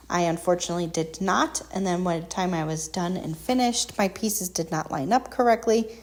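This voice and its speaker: A woman's voice: mid-range voice, darkish tone. A woman hosting a painting and crafting tutorial, talking casually and self-deprecatingly with frequent ums. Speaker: craft shop tutorial host.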